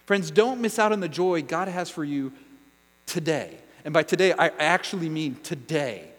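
A man preaching a sermon as pastor, earnest and emphatic, dropping to a hush for effect. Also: on the high side, expressive, normal speed. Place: church sanctuary. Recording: hall reverb with mains hum.

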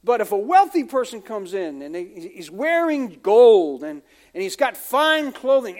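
High-voiced American man preaching. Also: big pitch swings, measured pace, few pauses, darkish tone. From United States. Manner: conversational preaching with asides and quoted voices. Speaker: pastor. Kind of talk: sermon.

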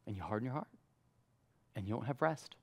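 A man preaching a sermon in a conversational way, acting out quotes with lively voices. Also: medium pitch, a little fast, creaky, husky. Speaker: pastor.

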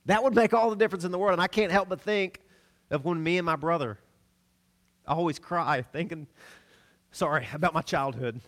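A middle-aged man from the American South preaching a sermon, telling stories with laughs and sudden swings between loud and soft. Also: fairly high pitch, brisk, pauses often. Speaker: pastor.

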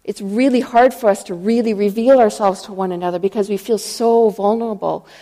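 A woman's voice: mid-range voice, fairly even intonation, a little fast, dark tone, big-room sound. A woman preaching a sermon in a church, earnest and storytelling, retelling scripture stories and acting out the voices in them.

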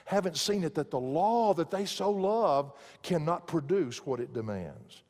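A male pastor preaching a sermon, swinging from loud emphatic lines to hushed quiet ones. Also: fairly high pitch, expressive, a little slow, in a large hall.

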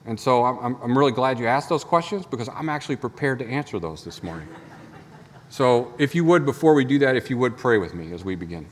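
Chatty pastor in a reverberant hall. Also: male voice, medium pitch, expressive, a little fast, slight background noise. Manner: conversational, storytelling with rhetorical questions. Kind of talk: sermon. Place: church sanctuary.

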